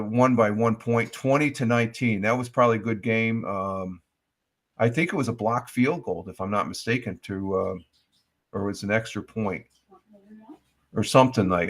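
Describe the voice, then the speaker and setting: A man's voice: mid-range voice, a bit bright. A man hosting a casual morning livestream, rambling with many fillers and reading the chat aloud. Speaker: livestream host. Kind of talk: casual live-stream chat.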